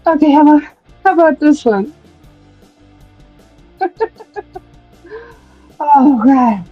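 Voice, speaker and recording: A woman's voice: sits high, lively intonation, slow pace, dry recording, dull audio, faint music behind. A woman hosting a casual live stream from outdoors, talking to viewers and often dissolving into helpless, breathless laughter.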